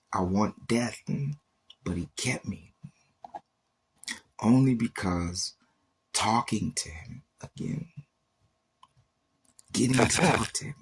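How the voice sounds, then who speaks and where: Man, livestream testimony, intense and emotional, slow delivery. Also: fairly low pitch, husky. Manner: intense, emotional, repeats and acts out quoted exchanges. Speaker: livestreamer sharing faith testimony.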